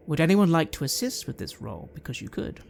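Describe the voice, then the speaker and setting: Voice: medium pitch, a little fast, gravelly, a little hiss or hum. A game master narrating scenes and calling for dice rolls in a tabletop game. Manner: lively descriptive narration.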